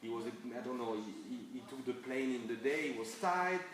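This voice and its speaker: A man's voice: mid-range voice, animated, brisk, fairly bright tone. A man with a French accent giving a chatty workshop talk, full of fillers, restarts and laughs. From France. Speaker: guest speaker. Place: event hall with audience. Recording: echoey hall from far off, audience.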